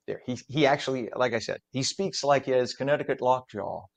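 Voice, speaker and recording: A man's voice: medium pitch, a little fast, gravelly, few pauses, muffled recording. A middle-aged man hosting a morning TV news and talk show, chatty and a bit rambling, reading traffic and introducing guests. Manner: chatty, rambling, self-deprecating.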